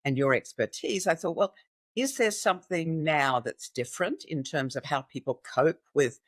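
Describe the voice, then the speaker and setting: A woman hosts a podcast interview with lively enthusiasm. Her voice sits close and dry, with almost no room sound around it. She keeps the tone conversational and upbeat. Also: sits low, normal speed, no echo. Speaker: podcast host.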